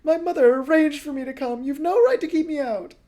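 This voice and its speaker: A man voicing an earnest, insistent young teenage boy who pleads loudly and high. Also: expressive, moderate pace. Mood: desperate.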